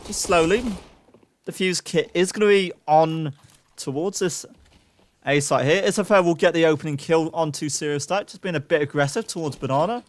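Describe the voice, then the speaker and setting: A young man calls an esports match live, his voice sitting a little higher than most. He talks fast and excitable through the action, breaking off for self-mocking asides to his chat. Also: no echo. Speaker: esports caster. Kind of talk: live play-by-play commentary.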